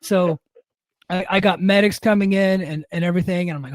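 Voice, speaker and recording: A man's voice: high voice, steady tone, fast talker, no echo. A middle-aged man casually telling a rambling, profane anecdote on a podcast, with many restarts. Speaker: podcast host. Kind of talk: casual storytelling.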